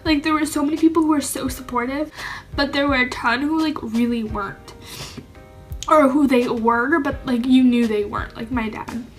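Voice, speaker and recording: A woman's voice: high-pitched, normal speed, soft background music. A young woman speaking to camera, telling a personal coming-out story with lots of "like" and moments of tears. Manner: heavy use of "like", emotional and tearful at times. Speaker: vlogger.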